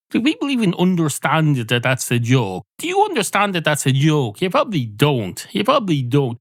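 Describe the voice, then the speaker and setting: A man's voice: on the high side, wildly swooping pitch, brisk, hardly any pauses, dry recording. Sardonic Irish man rambling solo. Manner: sardonic, rambling, puts on mock radio voices. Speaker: podcast host. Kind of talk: solo comic monologue.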